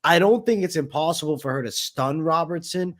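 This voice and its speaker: A man's voice: on the high side, a little fast, fairly bright tone. A man hosting a casual sports betting chat, laid-back as he breaks down odds and picks. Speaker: host.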